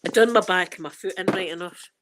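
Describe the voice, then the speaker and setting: A Scottish woman who hosts an ASMR channel gives viewers a casual tour of her home, rambling and laughing often as she carries her phone around. Her voice sits on the low side and moves fast, with heavy background noise.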